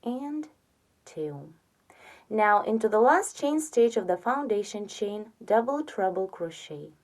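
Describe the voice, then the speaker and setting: A woman giving a step-by-step crochet tutorial, patiently counting stitches aloud and softly trailing off on the counts. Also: medium pitch, animated, normal speed. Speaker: crochet instructor.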